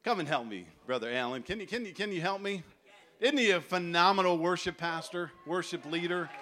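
A man in his forties preaching a sermon at a festival, telling stories with animated acted-out voices. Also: high voice, brisk. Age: 40s. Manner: animated storytelling, acts out voices. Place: large tent festival gathering.

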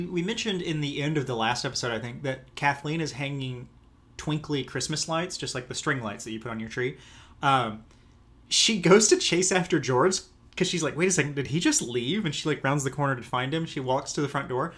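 A man's voice: a little high, moderate pace, fairly bright tone. A man co-hosting a casual podcast about a film, enthusiastic and laughing often as he acts out lines. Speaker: podcast co-host. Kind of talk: casual film-discussion chat.

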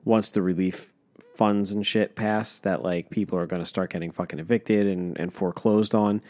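A young man with a somewhat low voice chats on a podcast. He is blunt, swears freely and often talks over the other speaker. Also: fairly even intonation, normal speed, darkish tone. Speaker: podcast co-host. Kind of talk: casual chat.

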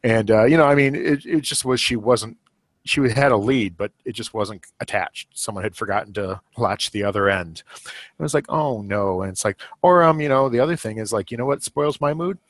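With a mid-range voice and a slightly fast pace, a middle-aged podcast host chats casually, wandering off in a rambling way with lots of fillers and chuckles. There's no echo.

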